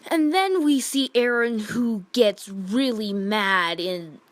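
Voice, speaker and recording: A woman with a fairly high voice talks slowly through a casual review rant about manga, where she works as a reviewer. Indignant and exasperated, she rambles as she retells events, filling it with "like." There is no echo.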